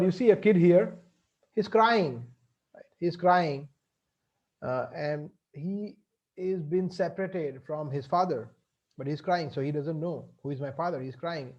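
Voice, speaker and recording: A man gives a devotional lecture in a high but mellow voice. He explains through homely examples and keeps asking "right?". The audio sounds dull and lo-fi. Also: measured pace. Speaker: spiritual teacher.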